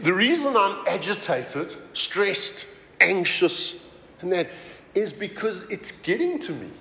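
Animated male pastor in an echoey hall. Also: sits high, slow pace, creaky. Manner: conversational and animated, with many asides. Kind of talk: sermon. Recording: roomy hall reverb, faint ambience.

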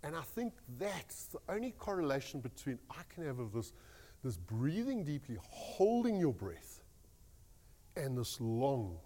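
A man giving a rambling, animated devotional talk as a pastor. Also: medium pitch, measured pace, big-room sound. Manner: animated storytelling, rambling restarts.

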